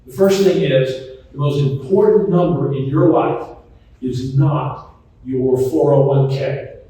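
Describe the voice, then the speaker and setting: A middle-aged man, a memory doctor giving a folksy, anecdotal talk to an audience, often pausing on ums. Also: mid-range voice, mellow. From Charlotte, North Carolina. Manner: chatty, anecdotal, hesitant with many ums. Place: large echoey hall, voice from some distance. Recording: echoey hall, mic at a distance.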